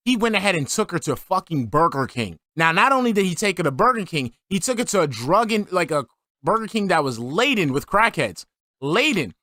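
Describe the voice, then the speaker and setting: High-voiced man ranting with profanity. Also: a bit bright, no room sound, clean studio sound. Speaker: streamer reacting to clips. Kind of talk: ranting reaction commentary.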